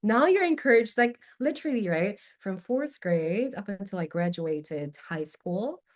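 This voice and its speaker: A woman guest on a podcast telling a personal anecdote in a lively, candid way, swearing casually and openly admitting when it moves her. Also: medium pitch, measured pace. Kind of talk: conversational storytelling.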